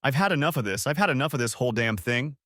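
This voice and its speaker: A man's voice: medium pitch, expressive, fast talker, bright, forceful tone, no room sound, clean studio sound. A man voicing an angry, defensive young wife who snaps back in a heated argument. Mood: exasperated. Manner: exasperated, snapping back.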